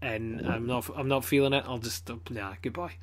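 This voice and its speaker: A man's voice: mid-range voice, steady tone, brisk, slight background noise. Scottish guy rambling on a podcast, swears a lot, blunt, lots of ums. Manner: rambling, sweary, blunt complaints with many fillers. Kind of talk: casual chat.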